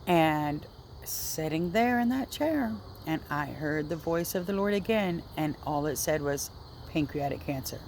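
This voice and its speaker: A woman's voice: sits low, animated, a little slow, darkish tone, slight background noise. A woman earnestly telling a personal religious story in a casual, rambling vlog, often restarting her sentences. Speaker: vlogger sharing a religious testimony. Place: indoors at home, seated.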